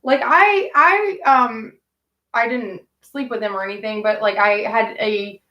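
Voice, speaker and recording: A woman's voice: a little high, unhurried, pushed and bright, reverberant, slight background noise. A woman telling candid stories to her live viewers in a rambling, casual way, swearing freely. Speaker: live streamer chatting with viewers. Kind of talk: casual storytelling to a live chat.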